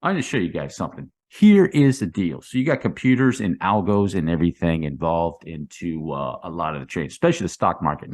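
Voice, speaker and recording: A middle-aged man hosting a crypto trading channel, explaining chart patterns in a loose, repetitive way and tagging lines with "okay?" and "right?". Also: fairly low pitch. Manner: restarts and repeats phrases while sketching on a chart. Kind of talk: casual explainer talk to viewers.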